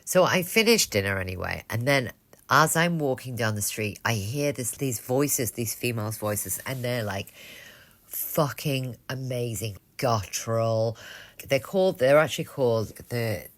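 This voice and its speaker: A woman's voice: rumbling low, expressive, unhurried. A young woman co-hosting a podcast, telling a rambling story in casual chat, frank and swearing often. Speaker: podcast co-host.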